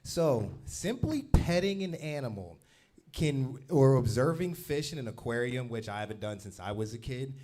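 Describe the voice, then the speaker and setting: A man's voice: mid-range voice, expressive, normal speed, a little mellow. A man co-hosting a live talk show, introducing a segment in an upbeat, informal way. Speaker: co-host.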